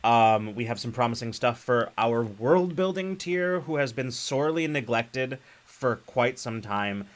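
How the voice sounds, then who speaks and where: A man's voice: medium pitch, animated, measured pace, hardly any pauses. A man co-hosting a live stream, chatting casually and rambling with lots of fillers and laughs. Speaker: podcast co-host.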